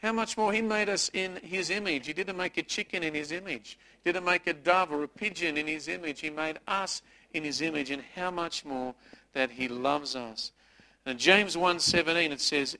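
Bright-voiced man preaching a sermon. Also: a little high, normal speed, rough recording. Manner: conversational preaching with jokes at the congregation. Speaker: pastor.

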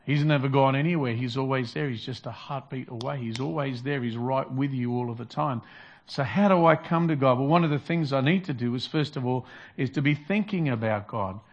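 A man's voice: medium pitch, a little fast, dull audio. A man preaching a sermon in an earnest, repetitive style, restarting phrases as he builds his points. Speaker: pastor.

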